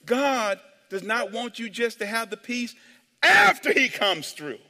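Animated preacher with a bright voice. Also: male voice, extremely high pitch, unhurried, gravelly, long reverb tail. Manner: animated call-and-response preaching. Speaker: pastor. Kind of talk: sermon. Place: church sanctuary.

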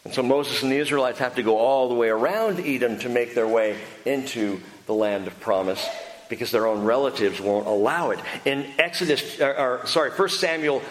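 A male pastor preaching a sermon in an animated, humorous and emphatic way. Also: mid-range voice, moderate pace. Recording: echoey hall with faint noise.

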